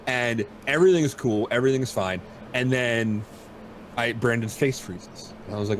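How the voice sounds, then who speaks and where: A man's voice: medium pitch, moderate pace, a little hiss or hum. A man hosting a podcast from home, telling a rambling, self-deprecating story in casual chat. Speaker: podcast host.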